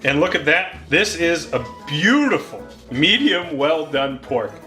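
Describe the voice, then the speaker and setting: A man's voice: fairly high pitch, unhurried, soft background music. A man hosting a home cooking show, casually walking viewers through the steps and cracking jokes. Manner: joking, relaxed, talks to viewers.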